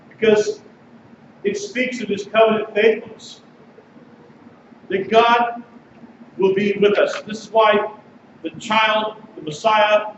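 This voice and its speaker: High-voiced pastor preaching in an echoey hall. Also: male voice. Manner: conversational preaching, reads passages aloud. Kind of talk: sermon. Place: congregation sanctuary. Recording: distant mic, echoey sanctuary, dull and noisy.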